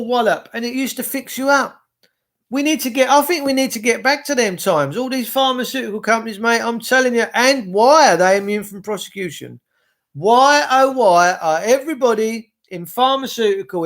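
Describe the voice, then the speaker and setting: A man's voice: very high voice, a bit bright. A man, hosting a rambling livestream monologue, ranting and answering viewer comments aloud. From England. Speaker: livestream host. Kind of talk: rambling live-stream monologue.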